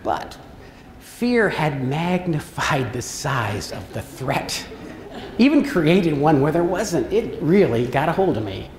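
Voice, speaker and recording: A man's voice: on the high side, very animated, slow pace. A middle-aged man giving a storytelling keynote speech as a motivational speaker. He tells stories animatedly and acts out the voices in them. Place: large hall. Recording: echoey hall with long reverb.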